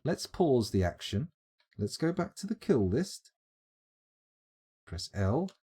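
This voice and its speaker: A man's voice: mid-range voice, very animated, takes it slowly, mellow, husky. A man streaming live, giving chatty, wry gameplay commentary as he thinks aloud. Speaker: streamer playing a game.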